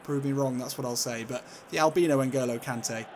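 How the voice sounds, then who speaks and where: A man commentating on his own football video game, casual and sweary, calling the play and getting loud on goals. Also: medium pitch, fairly even intonation, a little fast, a little hiss or hum. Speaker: gaming commentator.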